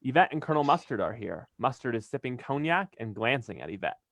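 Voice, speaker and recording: A man's voice: medium pitch, sing-song, fast, a bit bright. A man reading a script's stage directions aloud in a plain delivery, now and then tripping over a word. His voice sits mid-range and sounds close and dry, with no room echo. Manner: plain, occasionally stumbling and laughing.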